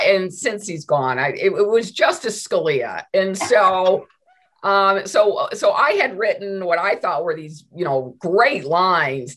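A middle-aged woman, a law professor, telling stories in a conversational interview, animated and full of restarts. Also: fairly low pitch. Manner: animated, many restarts and repeated words.

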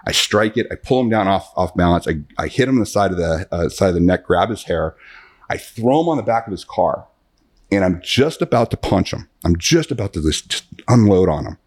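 A man in his fifties, a guest in a podcast interview, telling long animated anecdotes with many restarts. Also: sits low, a little fast. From United States. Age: 50s. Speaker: guest, self-defense author.

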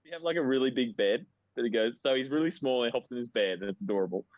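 A man co-hosting a podcast, riffing and joking crudely with quick bursts of laughter. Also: mid-range voice, expressive, no echo, narrow, tinny audio. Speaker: podcast co-host. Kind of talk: casual comedic chat.

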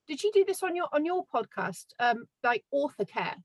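A woman's voice: high-pitched, big pitch swings, moderate pace, dry recording, poor audio. Chatty woman author as podcast guest. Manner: chatty, reflective, frequent fillers and small laughs. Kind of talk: casual podcast chat.

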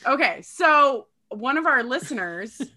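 A woman with a Midwestern accent chatting casually as a podcast co-host, animated and swearing freely while she laughs through her stories. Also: high voice, unhurried. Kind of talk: casual chat.

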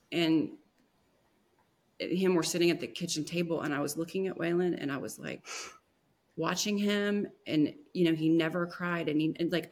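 On a podcast, a female guest shares a personal story softly and emotionally, often pausing and starting over. Her voice is low.

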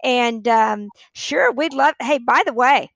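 Podcast guest, woman, fairly high voice, businesslike, voice going, dry sound. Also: slow pace, no echo. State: losing her voice. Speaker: podcast guest, real estate leader. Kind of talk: casual interview talk.

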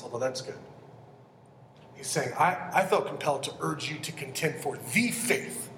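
In an echoey church sanctuary with long reverb, a male pastor delivers an expository sermon at a moderate pace. His fairly high, bright, expressive voice is earnest and emphatic, and he frequently poses questions to the congregation. Slight background noise is audible.

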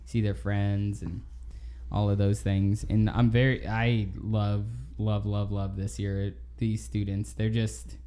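Male teacher, relaxed mellow voice, halting casual chat. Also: on the low side. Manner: easygoing, halting with restarts. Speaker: teacher, podcast co-host.

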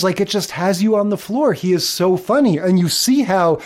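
A man's voice: sits high, animated, moderate pace, darkish tone. A man co-hosting a podcast, chatting enthusiastically about old sitcoms. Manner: chatty, enthusiastic, acts out lines from shows. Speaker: podcast co-host. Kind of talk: casual chat.

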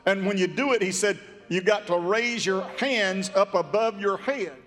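A man preaching a sermon in a folksy, drawn-out, emphatic way. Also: high voice, a bit bright, long reverb tail, soft background music. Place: church sanctuary.

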